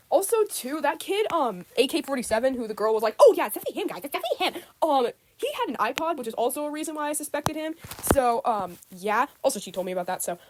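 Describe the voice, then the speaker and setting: A woman's voice: high voice, dry recording. A teenage girl, upset, rambling through a casual rant to camera, repeating herself with lots of ums. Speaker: student vlogger.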